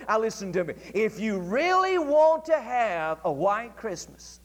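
Male pastor, very high register, fervent deliberate sermon delivery, church hall reverb. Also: big pitch swings. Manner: fervent preaching, slows down and stretches key phrases. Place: church sanctuary. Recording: church archive recording with long hall reverb.

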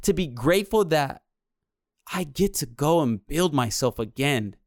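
A man's voice: on the high side, lively intonation, a little slow, no echo, clean studio sound. A young man in his twenties giving an earnest, preacher-like motivational talk that leans on repeated phrases. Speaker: motivational speaker. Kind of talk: inspirational monologue.

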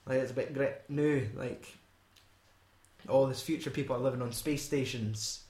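A man's voice: mid-range voice, fairly even intonation, normal speed, darkish tone, roomy sound. Sweary Scottish man, rambling film chat. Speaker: podcast co-host.

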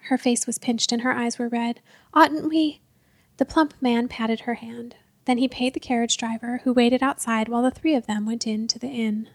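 A woman reads a storybook tale aloud in the first person, measured and dropping to a near whisper at its tensest points. Her voice sits high, and the recording is close and dry. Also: level tone, no echo. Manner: measured, hushed at tense moments. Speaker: narrator. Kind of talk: storybook narration.

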